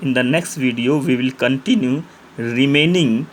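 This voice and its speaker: A man with an Indian English accent teaching a grammar lesson, explaining slowly and methodically through repeated examples. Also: mid-range voice, a little hiss or hum.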